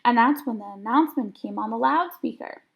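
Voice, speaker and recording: A woman teacher reads a children's chapter book aloud with lively, expressive narration. Her voice is high and carries a gravelly vocal fry, and she leans into every twist of the story. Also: fairly quick.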